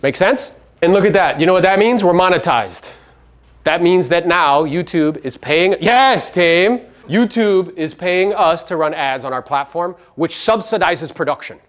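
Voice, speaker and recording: A man's voice: high voice, expressive, unhurried. A man giving a live motivational seminar talk to real estate agents, brash and profane, firing rhetorical questions at the audience.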